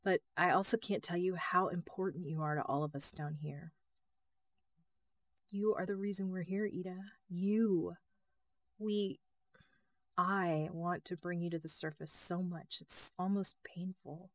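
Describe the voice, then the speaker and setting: A calm male mission controller with a smooth, rounded voice, as a woman reads him in an audiobook. He talks softly and soothingly, pitched fairly low. The recording is close and dry. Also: a little fast, hardly any pauses, no echo. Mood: gentle. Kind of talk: audiobook narration.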